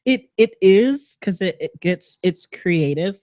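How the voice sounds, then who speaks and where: Her lowish, darkish voice has lively intonation and a slow pace as this woman, a guest on community radio, talks candidly and sincerely about her job and looking after herself. She shares laughs with the host in relaxed chat, recorded cleanly in the radio studio without room sound.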